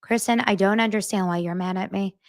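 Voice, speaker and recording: A droning, monotone reality-show woman, every line delivered level and without inflection, as a woman mimics her. It is an evenly paced, plain speaking voice. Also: mid-range voice, a little fast, dry recording, clean studio sound, natural voice. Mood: flat.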